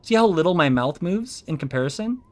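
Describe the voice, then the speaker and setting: A man's voice: on the high side, lively intonation, a little fast, darkish tone. A man chatting casually on his stream as a VTuber, rambling and explaining things with plenty of ums and restarts. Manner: rambling, explains with many fillers. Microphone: own streaming mic.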